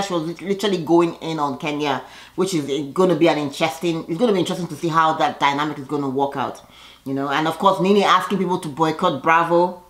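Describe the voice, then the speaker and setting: A woman doing a casual, gossipy recap of a reality TV episode, saying "girl" and "you know" a lot. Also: on the low side. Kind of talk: casual chat. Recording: echoey room.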